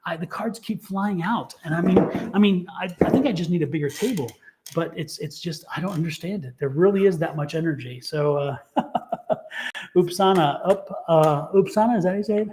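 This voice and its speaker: A man's voice: on the high side, moderate pace, darkish tone, a little hiss or hum. A man doing a livestream tarot reading, talking enthusiastically in a rambling way and laughing often. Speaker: tarot reader.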